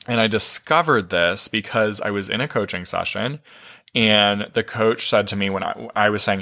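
A man's voice: lowish voice, moderate pace, creaky, sharp tone. A man hosting a self-help podcast as a life coach, talking in a candid, casual monologue, swearing freely and laughing often.

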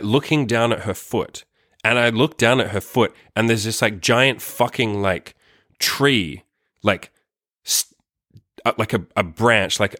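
Low-voiced young man telling a rambling story. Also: pushed and bright, no echo, studio quality. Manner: rambling, profane, heavy use of "like". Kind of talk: casual storytime monologue. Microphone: microphone.

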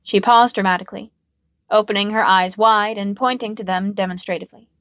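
A woman reading a story aloud in calm, even narration. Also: medium pitch, a little fast, no echo, studio quality.

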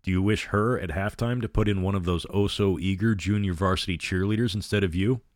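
A man reading aloud, voicing a cruel male vampire who speaks gently and silkily with quiet menace. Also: sits low, steady tone, a little fast, no room sound, studio quality, lightly acted. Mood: silky menace. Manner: gentle, silky, quietly threatening.

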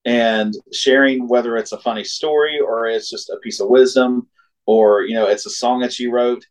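A man's voice: medium pitch, moderate pace, rough recording. Man telling a road story, laughing often. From Ohio. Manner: animated, laughs often, acts out quoted voices. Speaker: singer-songwriter guest. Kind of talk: casual storytelling.

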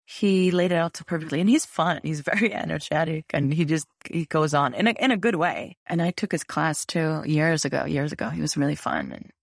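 A woman co-hosting a podcast, chatting warmly and agreeing readily. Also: deep voice, gravelly, dry recording, studio quality. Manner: warm, affirming, quick to agree and laugh. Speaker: podcast co-host. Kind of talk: casual podcast chat.

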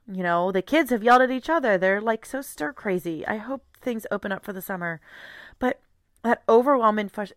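A woman's voice: mid-range voice, a bit bright, no room sound, studio quality. A woman in her thirties hosting a solo podcast, talking candidly and acting out her own inner thoughts. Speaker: podcast host.

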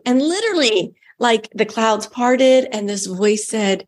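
A woman's voice: a little high, unhurried. Chatty Texan woman telling a story. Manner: chatty and enthusiastic, many "like"s. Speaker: guest giving a testimonial. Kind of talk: casual podcast storytelling.

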